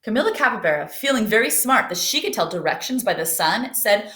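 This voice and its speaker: A woman teacher reads a picture book aloud, pausing to gently ask her students questions. Her voice sits at an ordinary pitch for a woman. A roomy echo surrounds her. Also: big pitch swings. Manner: gentle, asks children questions.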